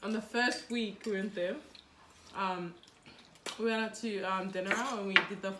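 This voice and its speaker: A Fijian woman telling a story in casual chat over a meal, animated and laughing, with lots of fillers. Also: mid-range voice, normal speed. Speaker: co-host. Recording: echoey room with background noise. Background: clinking cutlery and dishes.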